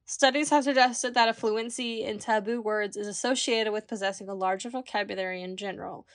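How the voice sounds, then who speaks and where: A woman's voice: mid-range voice, steady tone, brisk, no room sound. Dry-voiced young woman co-hosting a chat. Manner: laid-back, reads facts then riffs jokingly. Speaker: podcast co-host. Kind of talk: casual chat reading study findings.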